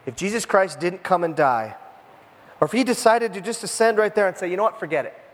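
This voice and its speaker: A man preaching a sermon in a conversational, animated way, full of jokey asides. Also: sits high, a little fast, long reverb tail. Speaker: pastor. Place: church room with a congregation.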